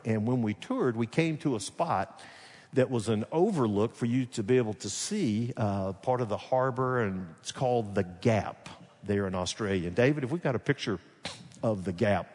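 A man with a Southern Alabama accent, a pastor preaching a sermon and telling a story in a casual way, swinging between loud and hushed. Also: mid-range voice, normal speed. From Alabama, USA. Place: large church sanctuary. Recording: long reverb of a big hall.

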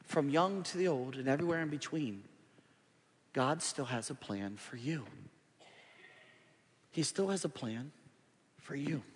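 High-voiced preacher in a ringing hall. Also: male voice, lively intonation, unhurried, pauses often. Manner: swings from hushed pleading to loud urgent appeals. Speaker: pastor. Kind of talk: sermon. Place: large church sanctuary. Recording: long hall reverb.

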